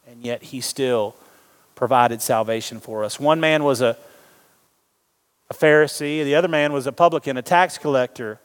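Animated pastor in a reverberant hall. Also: male voice, mid-range voice, moderate pace. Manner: animated, jokes with the congregation, acts out quoted voices. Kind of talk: sermon. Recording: long reverb of a large hall.

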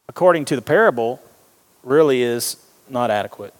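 Animated pastor in a reverberant hall. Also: male voice, mid-range voice, normal speed. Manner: animated, jokes with the congregation, acts out quoted voices. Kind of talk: sermon. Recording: long reverb of a large hall.

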